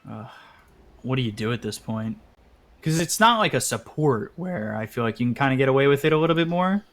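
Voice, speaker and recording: A man's voice: mid-range voice, fairly quick. A man co-casting an esports match live, chatting casually and telling stories. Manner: storytelling, animated when recounting. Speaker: esports co-caster. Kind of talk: casual live commentary chat.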